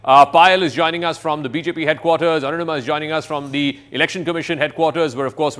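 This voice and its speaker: A man anchoring a live studio news broadcast, brisk and questioning as he introduces guests. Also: on the high side, fairly bright tone.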